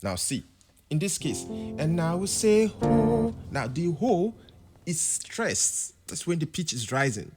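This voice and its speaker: A man teaching a piano lesson, explaining chords and now and then singing example words to show rising and falling pitch. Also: very animated, a little slow. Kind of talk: music tutorial.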